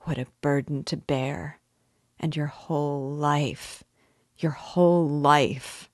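Brief: devout young woman begging urgently, read by a woman, measured pace, dry room. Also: deep voice, fairly even intonation, no echo. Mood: pleading. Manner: fervent, imploring.

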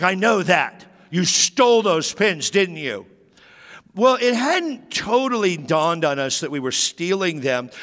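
A pastor telling a personal childhood story in his sermon, acting out the dialogue. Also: fairly bright tone. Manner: storytelling, acts out dialogue with raised pitch. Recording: long hall reverb.

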